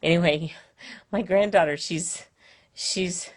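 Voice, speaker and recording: A woman's voice: on the low side, takes it slowly. An older woman chatting casually from her home on a live stream, rambling with many fillers and restarts. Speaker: Facebook Live host. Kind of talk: casual chat. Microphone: phone or webcam, live stream.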